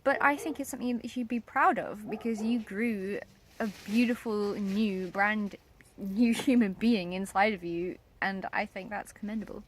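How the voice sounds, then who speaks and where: A woman's voice: medium pitch, moderate pace. A woman co-hosting a casual vlog at home. She is chatty and emphatic and laughs often. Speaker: co-host of a couple's vlog. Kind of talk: casual chat.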